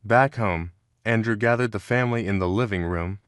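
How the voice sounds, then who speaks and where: A man narrating a scripted dramatic story in an even, measured reading. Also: on the low side, no echo, studio quality.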